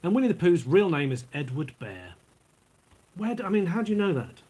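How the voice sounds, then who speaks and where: A man reads trivia aloud in a relaxed, rambling vlog chat. His voice is husky, and he keeps drifting into asides while snacking and sipping a drink. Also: high voice, fairly quick, rough recording. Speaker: vlogger. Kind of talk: casual vlog reading trivia.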